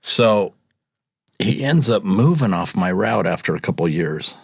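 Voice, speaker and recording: A man's voice: a little slow, creaky, breathy edge, no room sound, clean studio sound. A middle-aged man telling work stories in casual chat, acting out what people said in a raised voice. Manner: animated storyteller, acts out quotes in a much higher voice. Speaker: guest, UPS delivery driver. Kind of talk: casual storytelling in a podcast chat.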